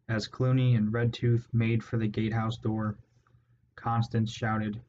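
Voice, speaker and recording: A man giving measured, steady narration of a storybook. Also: mid-range voice. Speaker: audiobook narrator. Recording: dull lo-fi audio, faint hiss.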